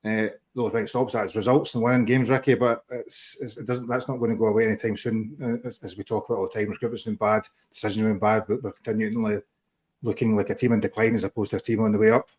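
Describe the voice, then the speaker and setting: Brief: quick-talking male host, weary tone. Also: on the low side, level tone, a little mellow. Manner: weary, measured. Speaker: podcast host. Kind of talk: casual football chat.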